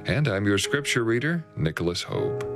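A man reading scripture aloud without comment, slow, solemn and measured. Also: lowish voice, big pitch swings, over loud music. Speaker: scripture reader.

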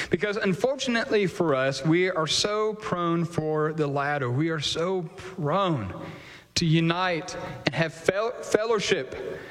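Slow earnest preacher in a reverberant hall. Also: male voice, a little high. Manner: measured, earnest, emphatic rhetorical questions. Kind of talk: sermon with closing prayer.

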